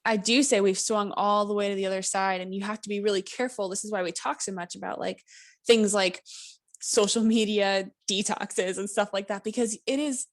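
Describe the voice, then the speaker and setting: A woman's voice: medium pitch, fairly even intonation, fairly quick. Thoughtful woman podcast host. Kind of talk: casual podcast chat.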